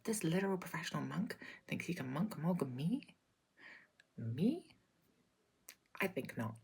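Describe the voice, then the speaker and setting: A woman telling an absurd deadpan story in a whispered role-play, her breathy whisper slipping between voices. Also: low-pitched, brisk. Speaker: ASMR creator.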